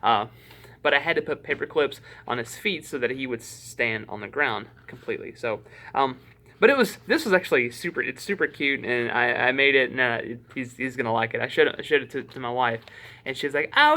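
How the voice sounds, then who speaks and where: A man's voice: medium pitch, a little fast, sharp tone. A man with a Southern US accent, chatting casually to camera as a YouTube vlogger in a rambling, self-deprecating way.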